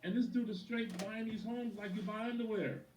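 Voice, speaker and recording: A man who is a sales coach gives a lively motivational training talk, telling stories about clients and acting out their words. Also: sits high, moderate pace, slight background noise. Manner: animated storyteller, acts out quotes, addresses a listener by name. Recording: roomy echo from a distant mic.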